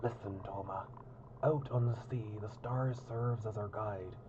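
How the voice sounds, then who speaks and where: A man voicing an energetic, childish young man who plays a pirate captain, using a put-on pirate accent with bold, playful delivery. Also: fairly low pitch, unhurried, muffled recording, noisy background, natural voice. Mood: instructive. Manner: bold, boisterous storytelling.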